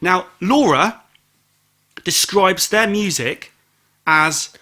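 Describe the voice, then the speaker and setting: A man co-hosts a casual podcast chat, his voice bright and a touch high. He rambles and teases, and every so often he jumps up into loud exclamations. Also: extremely slow. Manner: jokey, rambling, teasing, with sudden loud exclamations. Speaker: podcast co-host. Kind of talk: casual chat, album review.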